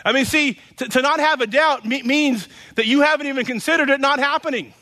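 High-pitched, bright-voiced preaching man. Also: brisk. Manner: emphatic and repetitive, with frequent "you know" fillers. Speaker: pastor. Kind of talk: sermon.

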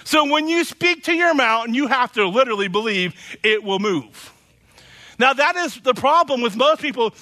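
High-pitched, bright-voiced preaching man. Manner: emphatic and repetitive, with frequent "you know" fillers. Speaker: pastor. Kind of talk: sermon.

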